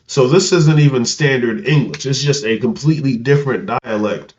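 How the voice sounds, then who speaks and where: A man's voice: mid-range voice, moderate pace, darkish tone, dull audio. A man from Africa co-hosting a casual podcast, who stammers through restarts and fires off incredulous questions. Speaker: podcast co-host.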